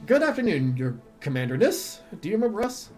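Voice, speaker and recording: A man's voice: high voice, brisk, faint music behind, voice pushed up. A man voicing a bossy, theatrical old female dwarf who runs a theater troupe. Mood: chattering. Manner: chattering, theatrical, excitable.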